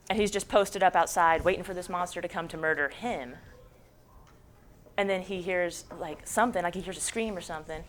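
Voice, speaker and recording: A woman's voice: fairly low pitch, a bit bright, a little hiss or hum. Chatty young woman summarizing a book. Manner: jokey, slangy, chatty. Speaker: book club presenter.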